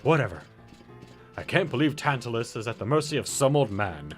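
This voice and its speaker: A man's voice: medium pitch, big pitch swings, brisk, soft background music, lightly acted. A man voicing a brash young male thief who talks dismissively.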